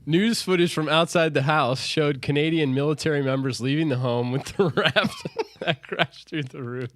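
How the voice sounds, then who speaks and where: A man's voice: on the high side, normal speed, a bit bright, no room sound, studio quality. A man co-hosting a casual podcast, reading news stories aloud and laughing often. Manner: reads stories with frequent laughter. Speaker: podcast co-host.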